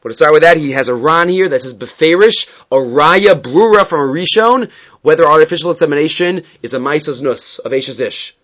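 A man's voice: on the high side, animated, brisk, fairly bright tone. Man teaching a Talmud class, lo-fi. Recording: dull lo-fi recording.

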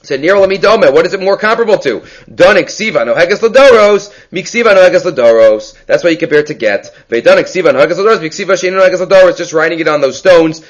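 A man teaching a Talmud class, quickly explaining texts and asking questions aloud. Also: a little high. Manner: quick, animated, mixes Hebrew and Aramaic terms into English explanation. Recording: lo-fi muffled recording.

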